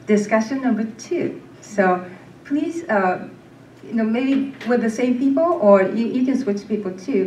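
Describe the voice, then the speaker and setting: A woman's voice: medium pitch, a little mellow. Woman lecturer in an echoey hall. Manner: conversational, engaging the audience with questions. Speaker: workshop lecturer. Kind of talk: casual lecture. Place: temple hall. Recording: echoey hall, distant mic, faint noise.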